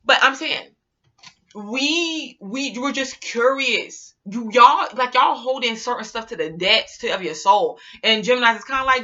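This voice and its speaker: A woman vlogger talking casually to her viewers in an animated, rambling, slangy way. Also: a little high, fairly quick, highs cut off. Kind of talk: casual monologue to camera.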